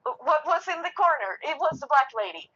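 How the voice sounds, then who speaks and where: A woman's voice: sits high, very animated, a little fast, pushed and bright. A woman guest, a medium and empath, telling a personal story casually over the phone and laughing often. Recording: lo-fi phone line.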